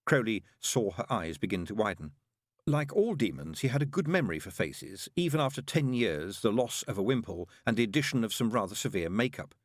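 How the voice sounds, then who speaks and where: Expressive male audiobook narrator. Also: lowish voice, brisk, no echo, clean studio sound. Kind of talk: scripted narration.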